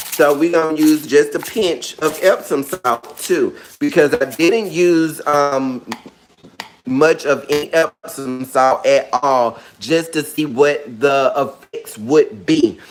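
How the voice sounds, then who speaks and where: A man's voice: on the high side, slow pace, a little hiss or hum. A man hosting a casual how-to vlog, talking sassily and chattily to his viewers with playful, dramatic asides. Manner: sassy, chatty, calls viewers girl and honey. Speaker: orchid care vlogger.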